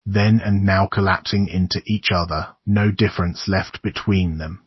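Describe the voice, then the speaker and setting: Audiobook: male reader as a desperate young woman; low, husky, choked delivery. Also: flat delivery, normal speed, no echo, dull audio. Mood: despairing. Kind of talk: audiobook character reading.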